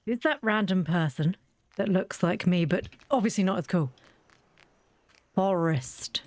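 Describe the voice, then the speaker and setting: A woman gaming channel host with a fairly low, darkish voice talks at a measured pace with no room sound. Her let's-play commentary is chatty and rambling, and she often interrupts herself to restart sentences.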